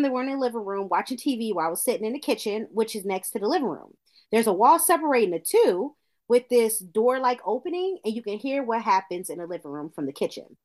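A woman co-hosting a casual podcast, reading a listener's letter aloud with small stumbles. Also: a little high.

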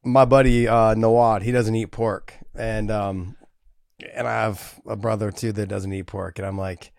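Sick, low-energy man in a podcast chat. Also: little pitch movement, moderate pace, gravelly, no echo. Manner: quiet, rueful, laughing at himself, profane. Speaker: podcast co-host. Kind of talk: casual chat.

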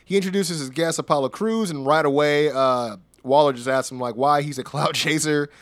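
A man's voice: a little high, fairly quick, a bit bright, no room sound. Give me a slangy male podcast host, telling stories animatedly and laughing, on a dry close mic. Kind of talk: casual wrestling recap chat.

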